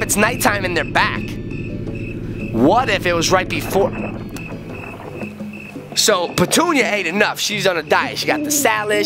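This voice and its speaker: A middle-aged man hosting a kids' game video, joking excitedly and playfully as he plays alongside his child. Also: sits high. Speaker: gaming channel host.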